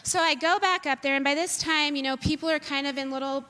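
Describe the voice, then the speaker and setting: A woman's voice: sits high, fast. Woman telling a story in a reverberant hall. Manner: animated, self-deprecating storytelling. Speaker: speaker sharing a personal testimony. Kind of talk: personal storytelling.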